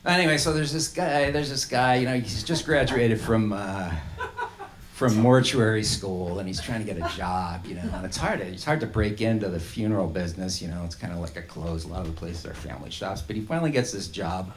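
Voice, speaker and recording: A man's voice: lowish voice, expressive, a little fast, slight background noise. A man, a musician, rambling and laughing as he tells a story between songs at a small intimate live show.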